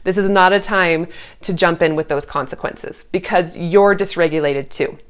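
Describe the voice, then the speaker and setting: A woman's voice: fairly low pitch, normal speed. A woman in her thirties giving casual parenting advice, earnest and reassuring, now and then putting on a sweet sing-song voice when she acts out what a parent might say. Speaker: parenting coach.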